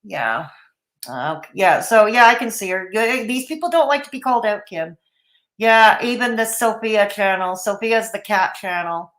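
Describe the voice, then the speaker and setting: A woman's voice: mid-range voice, moderate pace, a bit bright. A woman hosting a casual livestream, blunt and opinionated, greeting chat viewers by name between comments. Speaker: livestream host.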